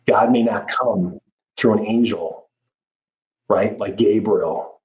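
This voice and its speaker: A man's voice: on the low side, slow pace, a little mellow, highs cut off. A man speaking as a life coach in a podcast interview, talking in an earnest, reflective way and often restarting his phrases. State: moved, near tears.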